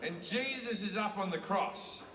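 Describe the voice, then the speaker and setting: A man's voice: sits high, a little slow. A man with an Australian accent doing a crude, heavily profane stand-up comedy set in a large theatre. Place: large theatre with live audience. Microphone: bootleg recorded from the audience. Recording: echoey hall bootleg from far off, loud room noise.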